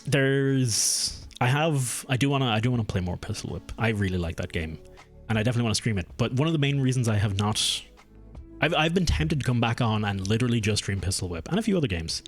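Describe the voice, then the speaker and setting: A young man chats loosely with his audience, stopping and restarting his sentences and drifting from one tangent to the next. Music plays quietly under his voice. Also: medium pitch, expressive, fast. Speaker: streamer. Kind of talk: casual live-stream chat. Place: home room.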